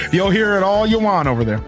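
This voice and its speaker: A man hosting a live game stream, chatting casually and thanking viewers as he goes. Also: sits high.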